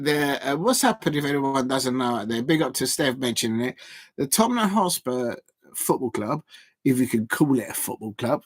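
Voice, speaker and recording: Guy doing a footy watch-along stream from home, rambly, lots of ums and restarts, shouting out viewers, dead dry sound. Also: mid-range voice, slightly rough, no room sound. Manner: rambling, hesitant, many fillers and restarts; chatty, gives shout-outs to viewers. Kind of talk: casual live match commentary.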